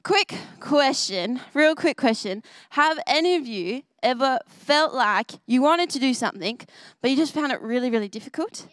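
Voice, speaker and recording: A woman's voice: high voice, expressive, fairly quick, a bit bright, no room sound. A young woman leading a children's church message, bubbly and full of questions for the kids. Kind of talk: kids' sermon. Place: church service.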